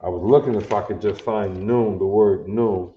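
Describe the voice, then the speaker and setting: A man's voice: fairly low pitch, steady tone, normal speed. A man teaching a language class, repeating words and drilling pronunciation insistently. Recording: echoey, dull lo-fi room.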